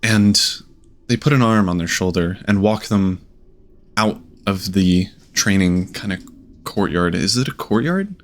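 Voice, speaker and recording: A man's voice: low voice, expressive, measured pace. A man running a tabletop game as game master, narrating in a hesitant, trailing way with many fillers.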